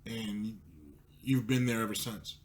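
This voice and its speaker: A man's voice: on the low side, level tone, a little slow, slight background noise. A man hosting a commentary show, talking in a mocking, needling way with plenty of profanity. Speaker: commentary host. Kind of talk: sarcastic commentary.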